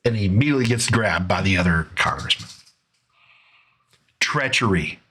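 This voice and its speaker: A man's voice: deep voice, animated, normal speed, pushed and bright, husky. Sarcastic man narrating a commentary video. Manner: sarcastic, breaking down footage; conversational, with fillers and restarts. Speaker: commentary show host.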